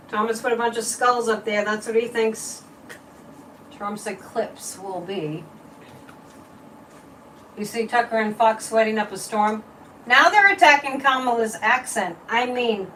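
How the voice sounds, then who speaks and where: A woman with a slightly high voice hosts a psychic livestream, chatting casually and opinionatedly as she reads comments and pulls cards. She sits a bit back from the mic, and a faint hum of room noise sits under her voice. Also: distant mic, rough recording. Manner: chatty, opinionated, lively swings in pitch and loudness.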